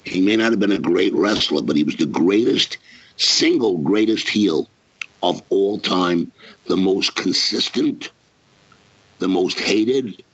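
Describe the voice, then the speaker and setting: A man's voice: sits low, animated, slow, slightly rough. A man, a wrestling manager, telling stories in a brash, emphatic way during a casual interview. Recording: dull lo-fi podcast audio.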